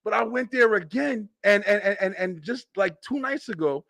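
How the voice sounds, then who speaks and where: A man's voice: normal speed, creaky, no echo. A young man hosting a web show, telling funny stories in a loose, profane way and laughing often. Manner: animated, laughs often, profane, voice swings high when excited. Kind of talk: casual comedic storytelling.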